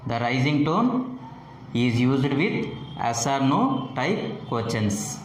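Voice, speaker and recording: A man gives an English pronunciation lesson at a very slow, deliberate pace and repeats each example sentence with exaggerated rises and falls in pitch. The recording sits in an echoey room with a faint hum of ambient noise. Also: big pitch swings. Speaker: English teacher.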